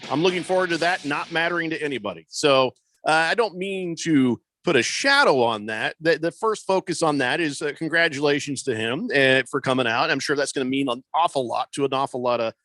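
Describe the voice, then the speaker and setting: Bright-voiced man hosting talk radio. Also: a little high, animated, brisk, dry recording. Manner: conversational, rambling with many fillers. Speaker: radio host. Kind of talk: sports talk radio chat. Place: radio studio. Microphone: studio microphone.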